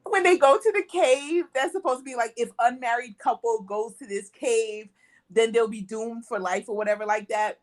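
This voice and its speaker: A woman co-hosts a casual movie review podcast, speaking at normal speed in a voice on the high side. She animatedly retells scenes, acts out quotes and laughs often.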